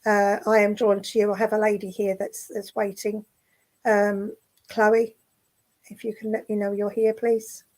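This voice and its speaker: A woman working as a spiritualist medium in an online service, speaking gently and affectionately, with many fillers and restarts. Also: medium pitch, monotone, unhurried, low-quality recording. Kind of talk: clairvoyant readings in an online service. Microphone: video call.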